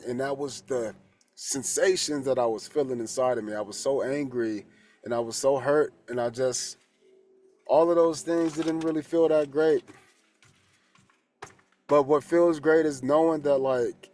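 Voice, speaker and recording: A male tarot coach talks in a loose, rambling way, swearing without a filter and circling back on his own sentences. His voice sits at an everyday middle pitch. A faint hiss runs behind him. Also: a little mellow. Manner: rambling and candid, swears freely, restarts often. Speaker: holistic coach and tarot reader. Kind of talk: casual spoken reflection.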